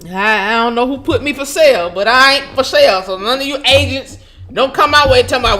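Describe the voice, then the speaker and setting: On her own vlog, a high-voiced woman who hosts the channel rants loosely and profanely to her viewers. She keeps laughing and sounds openly incredulous. Her tone is brisk and sharp in this casual rant.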